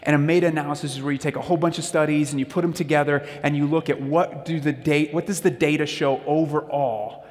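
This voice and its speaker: A man's voice: fairly high pitch, steady tone, quick pace, few pauses. Man telling stories in a reverberant hall. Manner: conversational storytelling, addresses the audience directly. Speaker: speaker on parenting. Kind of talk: sermon-style talk.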